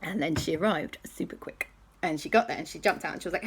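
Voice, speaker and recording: A woman's voice: deep voice, fast talker, a little hiss or hum. A woman host telling a playful children's story with toys, switching into character voices.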